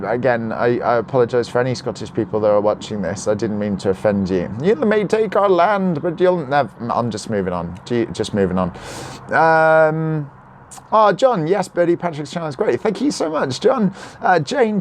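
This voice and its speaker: A young man chatting casually on a live stream, reading out viewer comments and answering questions in a slightly croaky voice. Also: high-pitched, darkish tone, slight background noise. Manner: chatty, reads out comments, jokes and apologises. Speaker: vlogger answering live chat. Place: at home, neighbours nearby.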